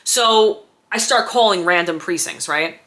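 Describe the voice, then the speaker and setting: Woman, 30s, bright and sharp tone, chatty storyteller who acts out every quote. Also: mid-range voice, a little slow. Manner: animated, acts out quoted dialogue, many fillers like "like" and "right?". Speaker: former diaper service owner. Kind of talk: casual personal storytelling.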